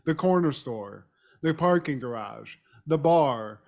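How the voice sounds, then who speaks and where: A man's voice: fairly high pitch, animated, slow pace, creaky, darkish tone. A man co-hosting a podcast, casually recapping a TV episode with frequent laughter. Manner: laughs often, addresses co-host by name. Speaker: podcast co-host.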